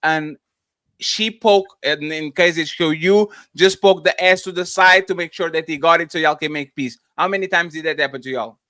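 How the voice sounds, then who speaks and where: High, bright-voiced provocative male host. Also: normal speed, no room sound. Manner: provocative, teasing questions, crude humor. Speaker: podcast host. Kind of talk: heated casual panel debate.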